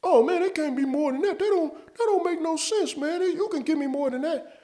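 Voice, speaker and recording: A man voicing a big, pushy grown man who haggles and scolds in a high, whiny pleading voice. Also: a little fast, warm tone. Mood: insistent.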